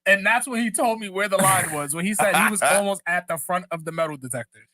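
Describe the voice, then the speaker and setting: A man's voice: high-pitched, fast, sharp tone, no room sound. A man, co-hosting a podcast in casual, profane, laughing chat. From the Bronx, New York. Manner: loose, profane storytelling with a laugh. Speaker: podcast co-host.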